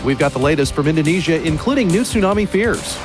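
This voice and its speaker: Man, high voice, punchy news teaser, music underneath. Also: lively intonation, quick pace. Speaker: news promo announcer.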